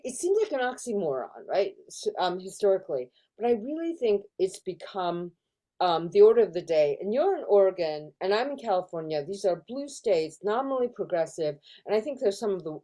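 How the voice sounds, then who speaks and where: A woman's voice: fairly low pitch, very animated, a little fast, dark tone. A middle-aged woman professor talking in an interview over a video call, thoughtful, with many fillers and restarts. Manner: thoughtful, lots of fillers and restarts, acts out quoted voices. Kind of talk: casual academic discussion. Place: in California.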